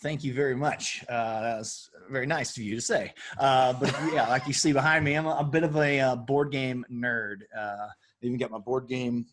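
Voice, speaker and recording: A man's voice: medium pitch, normal speed, a little hiss or hum. Southern-accented man spinning a story. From Alabama, US. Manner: animated storyteller, self-deprecating. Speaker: guest, game designer. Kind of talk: casual chat.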